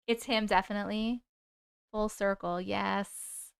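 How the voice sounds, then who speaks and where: A woman's voice: fairly high pitch, brisk, a bit bright, clean tone, no room sound, studio quality. A woman hosting a live stream, reading viewer stories aloud and reacting with open emotion to the chat.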